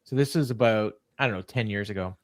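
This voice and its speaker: A man's voice: fairly low pitch, fast, no room sound, studio quality. Rambling man telling stories. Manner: rambling storyteller, many ums and restarts. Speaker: co-host. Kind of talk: casual podcast chat.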